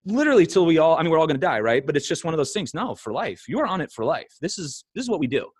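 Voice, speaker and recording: A middle-aged man, a podcast guest, telling stories in a casual conversation, animated and laughing often. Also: a little high, quick pace, breathy edge, dry recording.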